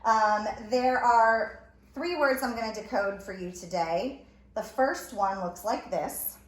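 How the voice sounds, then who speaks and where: A woman teacher with a fairly high voice speaks slowly in a recorded phonics lesson, sounding out letters and word parts one at a time. The room is echoey, with faint ambient noise.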